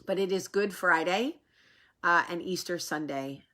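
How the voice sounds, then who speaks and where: A woman hosting a casual vlog, talking to camera in a rambling, animated way, with a sore, swollen face after dental work. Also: lowish voice, a little slow. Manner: chatty, rambling, animated asides. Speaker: vlog host.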